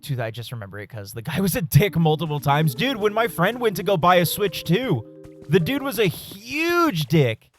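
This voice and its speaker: Guy on a game stream ranting about a story, lively voice, swears a lot, faint music behind. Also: high-pitched, normal speed. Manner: animated storyteller, swears, laughs often. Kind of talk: casual live-stream chat while gaming.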